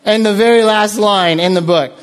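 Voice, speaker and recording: High-voiced man preaching animatedly. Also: normal speed. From United States. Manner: animated storytelling with frequent filler words. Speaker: pastor. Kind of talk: sermon.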